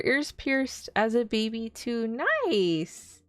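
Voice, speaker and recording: A woman's voice: on the high side, lively intonation, slow, no room sound, soft background music. Bubbly woman streamer, dry close sound. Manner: bubbly, rambling, giggly, reads chat aloud. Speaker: VTuber streamer. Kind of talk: casual live-stream chat.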